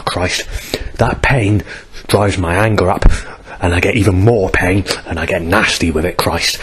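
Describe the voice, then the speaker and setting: Male vlogger, low voice, in pain and coughing, coarse and rambling. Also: steady tone, measured pace, hardly any pauses, fairly bright tone, breathy edge. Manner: rambling, coarse, bitter outbursts. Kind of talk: rambling personal video diary.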